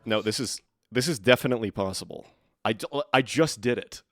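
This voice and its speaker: A man's voice: lowish voice, a little fast, fairly bright tone, no echo. Joking male game streamer. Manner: chatty, joking, thinks aloud. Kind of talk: live gameplay commentary.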